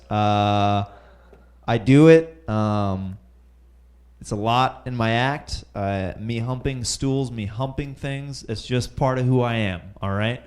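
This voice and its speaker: Slow, rambling young stand-up comic. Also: male voice, mid-range voice, a little mellow. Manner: rambling, nervous, many fillers and laughs at own jokes. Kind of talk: open mic stand-up. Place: comedy club stage.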